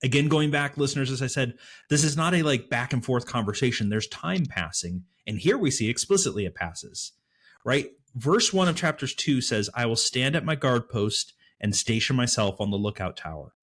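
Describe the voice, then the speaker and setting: A man's voice: medium pitch, normal speed. Man co-hosting a Bible study talk. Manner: thoughtful, animated, with fillers. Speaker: podcast co-host. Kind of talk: casual Bible study discussion.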